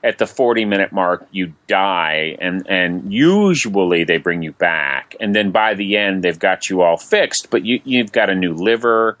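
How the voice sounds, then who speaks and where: Casting low-voiced man, podcast co-host, casual rambling chat, dry close sound. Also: expressive, measured pace, hardly any pauses, fairly bright tone, dry recording. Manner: rambling, self-interrupting, laughs easily.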